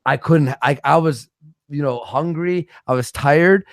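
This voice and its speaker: A man with a gravelly, creaky voice, slightly higher than most men, telling loose, profane stories in a casual livestream chat. The sound is dry and close, with no room around it. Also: a little slow, no room sound. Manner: profane, rambling storyteller.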